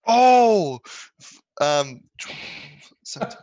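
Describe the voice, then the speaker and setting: A man's voice: mid-range voice, measured pace, bright, forceful tone, no echo, dull audio. A man playing a tabletop game, working through his dice rolls aloud with some uncertainty. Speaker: player.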